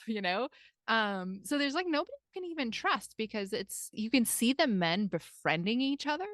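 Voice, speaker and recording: A woman with an American Midwestern accent and a fairly high voice hosts a podcast as a life coach, chatting casually at a moderate pace. She's animated and acts out the lines she quotes. The studio recording is clean with no echo.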